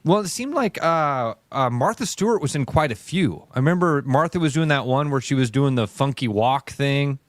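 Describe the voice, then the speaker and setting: A man co-hosting a sports radio show, chatting casually with quick, easygoing reactions. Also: medium pitch, animated, no room sound.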